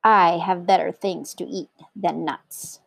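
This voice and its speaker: A woman voicing a greedy male crocodile villain in a children's story, slow and gloating. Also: lowish voice, steady tone, creaky, no room sound, heavily acted. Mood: sly gloating.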